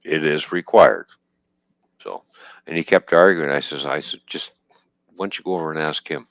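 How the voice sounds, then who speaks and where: Deep-voiced man swearing through a story. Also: moderate pace, no room sound. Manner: profane, laughing, animated retelling with quoted dialogue. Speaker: trucker telling a story. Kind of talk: casual storytelling on a stream. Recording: dull lo-fi dry stream audio.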